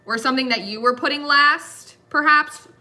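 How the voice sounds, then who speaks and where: A woman's voice: high voice, moderate pace, sharp tone. A young woman reading tarot in a casual, chatty way, giggling often and filling her talk with "like". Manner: chatty, giggly, uses lots of fillers. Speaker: tarot reader.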